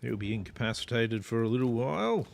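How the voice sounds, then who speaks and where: A man's voice: medium pitch, very animated, brisk, vocal fry, background noise. An Australian man giving casual commentary while playing a strategy game, chatting, swearing freely and talking to his units. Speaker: gameplay streamer.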